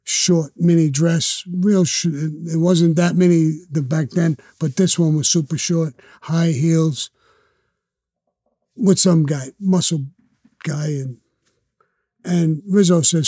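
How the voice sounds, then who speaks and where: A man's voice: fairly high pitch, measured pace, warm tone, no room sound, studio quality. An older man with a Brooklyn accent, telling long profane street stories bluntly as an interview guest. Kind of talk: storytelling interview.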